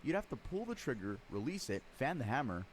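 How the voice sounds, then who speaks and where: A man giving scripted true crime narration, lively storytelling with dry sarcastic asides. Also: mid-range voice, a little fast, a little hiss or hum.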